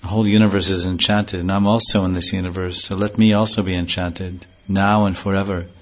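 A man giving a devotional scripture lecture, slowly chanting verses and then explaining them earnestly, on a dull lo-fi recording. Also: deep voice, level tone. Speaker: spiritual teacher.

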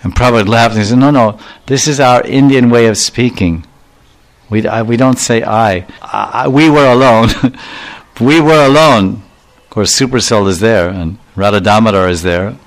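A man's voice: fairly low pitch, moderate pace. A man giving a devotional lecture, telling stories and acting out quoted speech, often repeating and correcting himself as he goes. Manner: storytelling, acts out quoted speech with voice changes; repetitive, self-correcting phrasing. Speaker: spiritual lecturer.

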